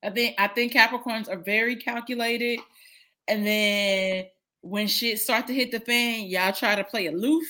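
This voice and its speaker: A woman in her thirties chatting casually over a video call, blunt, profane and animated, often laughing. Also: a little high, a little slow. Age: 30s. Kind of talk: casual chat.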